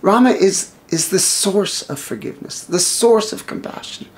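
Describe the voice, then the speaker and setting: A male storyteller retelling an epic tale in an animated, improvised way, with restarts and sudden shouts. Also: sits high, normal speed, hardly any pauses.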